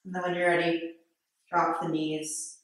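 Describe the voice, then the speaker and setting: A woman yoga instructor leading a class with steady step-by-step breathing and movement cues in a yoga studio. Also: on the low side, measured pace. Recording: very echoey studio, mic far off.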